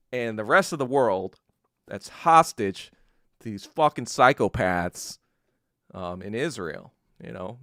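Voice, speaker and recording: Animated ranting man, bright voice. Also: a little high, no echo, clean studio sound. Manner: profane, ranting, laughs between phrases. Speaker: podcast host. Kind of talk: casual solo rant.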